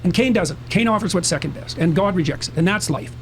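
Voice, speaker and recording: A man's voice: high voice, animated, fast, slight background noise. A man talking as a podcast guest, lecturing with emphasis and arguing his points. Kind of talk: podcast conversation.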